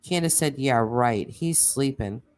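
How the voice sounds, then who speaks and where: A woman hosting a true crime channel, reading text messages aloud in a plain way, with pauses and casual asides. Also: very deep voice, lively intonation, darkish tone, a little hiss or hum.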